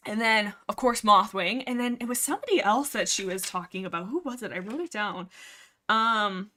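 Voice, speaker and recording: Woman livestream host, casual book chat, excitable, rambling, headset mic. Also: mid-range voice, moderate pace. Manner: rambling, excitable, filler-heavy chatter.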